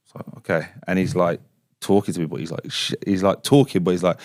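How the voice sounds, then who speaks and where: A deep-voiced man tells a long story in a loose, casual podcast chat. He swears without a second thought and drops to a near whisper when he quotes other people. The sound is close and dry. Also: fast talker, no room sound. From England. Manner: swears freely, acts out quotes in a hushed voice. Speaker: guest, former footballer. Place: basement studio.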